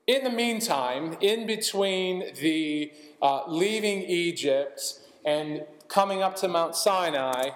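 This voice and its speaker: A man's voice: high voice, lively intonation, slow, reverberant, long reverb tail, low-quality recording. A man preaching a sermon, walking through scripture passages and adding light asides as he reads. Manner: expository, reading scripture aloud with asides. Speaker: pastor.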